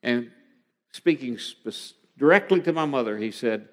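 A man's voice: medium pitch, lively intonation, moderate pace. A middle-aged man preaching a sermon, telling a personal story in an earnest way that rises to emphatic passages. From Oklahoma, USA. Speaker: pastor. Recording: long hall reverb.

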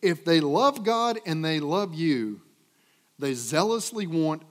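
A man preaching a sermon with dynamic delivery, swinging from loud emphatic peaks to low trailing phrase ends. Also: lively intonation, takes it slowly. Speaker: pastor. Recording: long hall reverb.

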